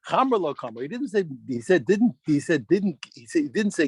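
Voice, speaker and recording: A man teaching a daf yomi Talmud class, animated, restarting phrases and quizzing his students. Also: on the high side, brisk, hardly any pauses, slightly rough.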